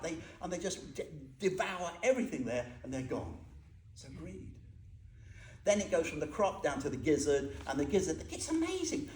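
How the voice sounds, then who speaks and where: In an echoey room with faint noise, a Buddhist teacher with a high, darkish voice gives an informal, humorous dharma talk to a group. He's chatty and keeps asking his listeners questions.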